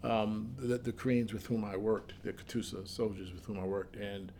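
This gravelly, lowish male voice belongs to a former US Army soldier and Korean linguist recounting his history in an interview. He speaks at a moderate pace, performs the dialogue he quotes, and tends to repeat and restart, all over a little hiss or hum.

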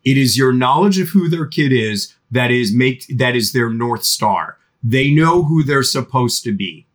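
A middle-aged man, a guest expert on teen parenting, speaking in a podcast interview with an animated manner. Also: mid-range voice, a little slow.

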